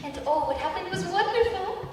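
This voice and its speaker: A woman's voice: very high-pitched, lively intonation, moderate pace, slight background noise. A teenage girl playing a kind, cheerful good witch in a school stage play, with a sweet, sing-song delivery. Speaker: student actor. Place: large school auditorium. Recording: echoey hall from far off.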